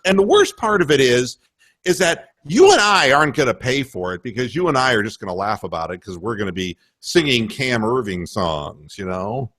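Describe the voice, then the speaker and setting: Talk radio host, lively up-and-down delivery, a bit high for a man, rambling rant. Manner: animated, rambling, swearing, breaks into mock voices. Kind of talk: casual sports talk.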